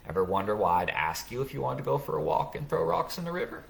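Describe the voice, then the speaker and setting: A man's voice: medium pitch, big pitch swings, quick pace, gravelly, hardly any pauses. A middle-aged man hosting a casual live podcast, thoughtfully explaining parenting ideas with examples and frequent restarts. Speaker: podcast host.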